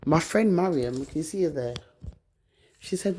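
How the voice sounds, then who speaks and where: A woman's voice: low voice, animated, moderate pace, mellow, breathy edge. A woman vlogger ranting to her phone camera, bitter and accusing, swearing often. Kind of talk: angry personal rant to camera.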